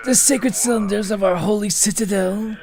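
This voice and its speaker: A tormented old bug scholar, put on by a man reading a game's lines, draws out every word in a raised, strained voice. He broods over knowledge, by turns pleading and commanding. Soft game music plays behind him. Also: sits high, creaky, pitched above the performer's own voice. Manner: slow, drawn-out and declaiming.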